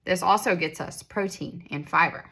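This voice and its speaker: Chatty mom vlogger, slightly low voice. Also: female voice, normal speed, pushed and bright. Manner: chatty, encouraging, self-deprecating. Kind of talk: casual chat.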